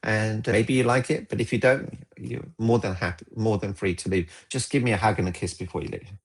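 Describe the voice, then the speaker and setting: A man voicing an affectionate husband in a role-play, in his own lower voice. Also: fairly even intonation, fairly quick, natural voice, rough recording. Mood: warm. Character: adult husband, doting and gentle.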